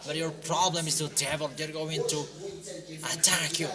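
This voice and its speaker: A man preaching a sermon, exhorting his listeners with loud, emphatic commands that fall back to quieter lines. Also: flat delivery, moderate pace, a crowd in the background. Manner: exhorting, rising to loud emphatic commands then dropping low. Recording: clear music playing behind the voice.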